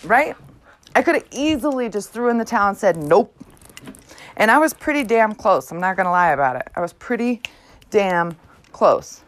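A woman's voice: mid-range voice, expressive, brisk, slight background noise. A mother hosting her own show, delivering a blunt, profane, emphatic motivational monologue. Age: adult mother. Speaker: host.

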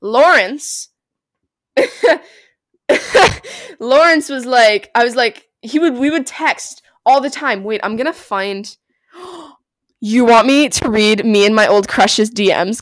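A young woman hosting a casual solo podcast, rambling and giggly, breaking into squeals and yells. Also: on the high side, lively intonation, slow, long pauses, no echo. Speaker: podcast host.

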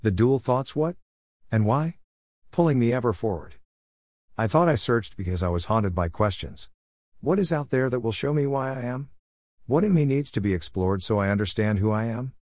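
A man reading his own reflective story in a measured, wry way. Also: mid-range voice, animated, a little mellow, dry recording, clean studio sound. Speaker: narrator.

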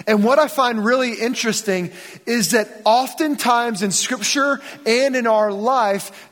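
A man preaching in a church, his voice sitting high for a man. He retells scripture in a loose, conversational way, voicing the characters in modern slang. The sound carries a long reverb from the sanctuary. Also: fairly bright tone. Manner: casual storytelling, acts out biblical dialogue in everyday speech. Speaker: pastor. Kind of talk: sermon.

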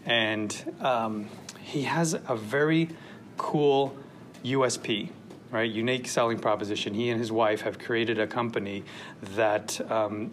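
A man's voice: medium pitch, a little hiss or hum. Chatty male podcast host. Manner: chatty, many fillers and restarts. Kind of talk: casual podcast chat.

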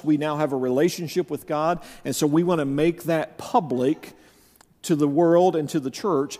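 A man preaching a sermon as pastor, stressing key phrases by slowing down and leaning into them. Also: fairly high pitch, a little mellow. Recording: reverberant hall.

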